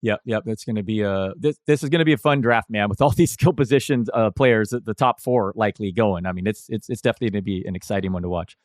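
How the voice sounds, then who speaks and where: A man co-hosting a fantasy football podcast, talking casually in a halting way, stopping and restarting his thoughts. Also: fairly low pitch, dry recording, clean studio sound. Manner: halting, lots of fillers and restarts, chuckles now and then. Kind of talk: casual sports analysis chat.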